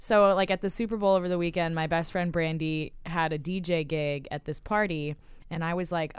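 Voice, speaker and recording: A woman's voice: low voice, steady tone, fairly quick, smooth, no room sound. A woman hosting a podcast in casual chat, bubbly and laughing often between words, recorded in a studio. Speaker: podcast host.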